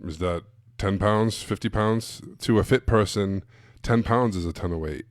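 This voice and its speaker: Man, sales coach, live-stream talk, blunt and emphatic, low voice, dry close sound. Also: normal speed, no echo. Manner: blunt, emphatic, casual with frequent asides.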